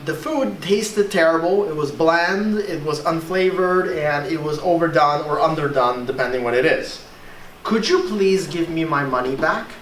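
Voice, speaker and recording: An English teacher giving a classroom lesson in an animated way, checking in with the class again and again. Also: mid-range voice. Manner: animated, keeps checking in with "right?". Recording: echoey room, voice from far off, faint hiss.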